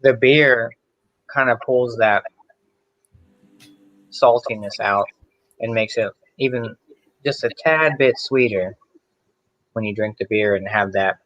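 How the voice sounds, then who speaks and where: A man's voice: medium pitch, slow, long pauses, fairly bright tone, dry recording, lo-fi sound. A man tasting beer and describing it in a rambling, casual way as a guest on a video call.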